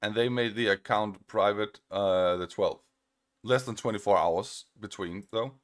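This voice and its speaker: A man's voice: fairly low pitch, measured pace. A man from Australia, recording a casual commentary video where he answers a critic in a sarcastic, mocking tone and repeats his points. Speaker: online video creator responding to a critic.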